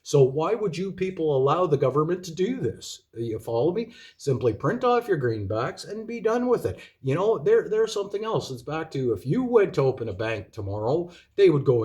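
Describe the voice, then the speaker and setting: A man's voice: fairly high pitch, very animated, normal speed, few pauses, darkish tone. A man ranting in a monologue to his viewers, profane and exasperated, lecturing them with rhetorical questions. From Canada. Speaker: video commentator.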